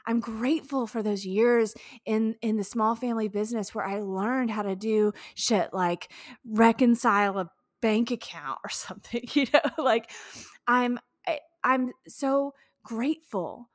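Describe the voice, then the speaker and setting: A woman's voice: on the high side, no room sound, clean studio sound. A woman hosting a solo podcast, talking in a candid, heartfelt way with frank swearing. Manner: emotional, speaks of tears. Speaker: podcast host.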